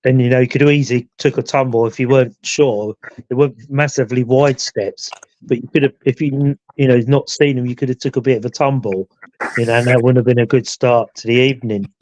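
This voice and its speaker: A man recounts a ghost hunt in a rambling, casual way on a live chat show, sprinkling in "you know" again and again. He's a ghost hunter and show regular. His medium-pitched voice is steady and darkish, he talks fairly quickly, and the sound is lo-fi.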